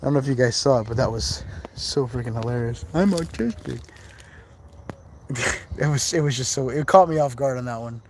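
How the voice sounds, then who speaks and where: Chatty dude rambling on a live cemetery stream, normal pitch, faint outdoor noise behind. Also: male voice, steady tone, quick pace. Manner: rambling and chatty, with frequent laughs and asides. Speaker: host of a live ghost-hunting stream. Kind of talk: casual live-stream chat while exploring.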